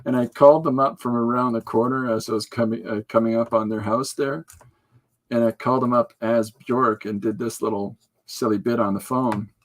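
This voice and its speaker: A man hosts a podcast of rambling, casual chat, full of jokes, laughter and impressions. He speaks at a normal speed in a medium-pitched, steady voice.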